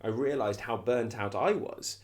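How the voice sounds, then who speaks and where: Low-voiced man coaching. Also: a little slow. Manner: reflective, conversational, restarts phrases often. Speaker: coach and consultant. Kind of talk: explanatory self-help talk.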